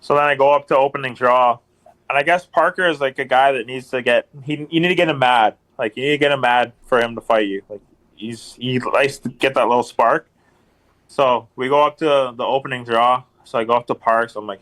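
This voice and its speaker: A man's voice: medium pitch, fairly even intonation, a little fast, a bit bright. A man guest on a podcast, telling casual stories in a rambling way, full of ums and repeated phrases. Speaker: podcast guest, hockey enforcer. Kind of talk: casual storytelling chat.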